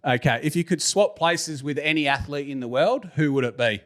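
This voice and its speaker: Jokey Australian man hosting an interview. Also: fairly high pitch. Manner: jokey, laughs often, quick-fire questions. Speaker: podcast host. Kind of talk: casual interview.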